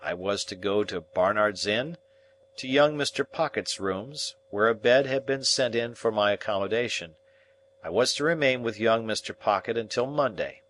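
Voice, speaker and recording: A man narrates a classic novel in a measured, even reading. His voice sits on the low side. A steady audiobook delivery. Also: slight background noise.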